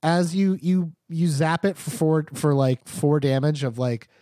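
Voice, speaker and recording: A young man narrating as game master, halting often with "um" and "like" and restarting his sentences. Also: fairly high pitch, steady tone, warm tone, no echo, clean studio sound. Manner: halting, full of fillers and restarts.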